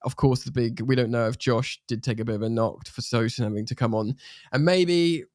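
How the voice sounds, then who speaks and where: An animated man from England talks football on a podcast with casual energy and the odd swear. His voice sits mid-range and sounds close, with no room around it. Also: mid-range voice, brisk, dry recording. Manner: animated, swears freely, puts on playful accents. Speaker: podcast co-host.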